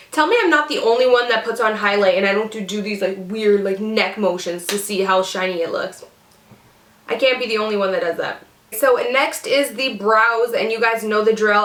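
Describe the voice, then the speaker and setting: A woman's voice: on the high side, a bit bright, roomy sound. A young woman vlogger chatting casually while doing her makeup, bubbly and full of "like" and "seriously". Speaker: beauty vlogger. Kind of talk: casual get-ready chat.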